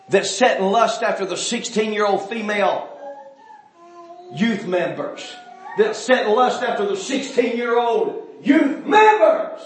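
Fiery male preacher, high voice, shouts and drops low, roomy church sound. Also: lively intonation, normal speed. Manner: shouting, swinging between loud outbursts and low, quiet stretches. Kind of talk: fiery sermon.

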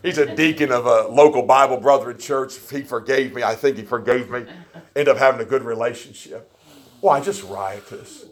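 A man preaching a sermon, telling stories with folksy, joking asides and swinging between quiet remarks and loud emphasis. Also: mid-range voice, normal speed.

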